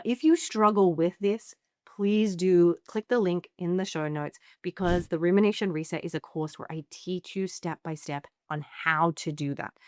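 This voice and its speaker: A middle-aged anxiety therapist with a voice on the low side gives a playful educational talk to camera in clean, echo-free studio sound. She slips into sassy voices when voicing the replies she suggests.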